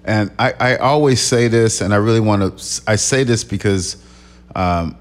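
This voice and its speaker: Lower-pitched man telling stories with a laugh. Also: normal speed. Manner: laughs often, reflective, repeats words. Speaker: record executive and producer guest. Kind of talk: relaxed interview storytelling.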